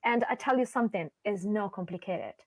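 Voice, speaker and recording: Woman voice coach, co-host, lively demo-style delivery, dry close webcam sound. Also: fairly quick, dry recording. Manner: animated, swings her voice high and low to demonstrate. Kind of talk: casual podcast chat.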